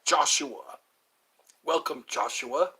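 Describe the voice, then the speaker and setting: A man's voice: medium pitch, takes it slowly, sharp tone, breathy edge. A man hosting a casual livestream, rambling between topics and greeting viewers as they join. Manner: rambling, drifts between topics and hums snatches of songs. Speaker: livestream host.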